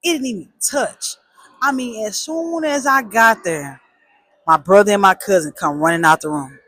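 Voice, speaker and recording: A woman telling a personal story in a casual, animated way, with emphatic repeats and slang. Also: medium pitch, normal speed.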